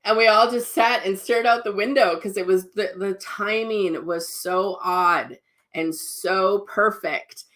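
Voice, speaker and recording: A middle-aged woman who works as a psychic medium and spiritual teacher tells personal stories casually and ramblingly, with many restarts and asides. Her voice is medium-pitched and a bit bright, and she takes her time.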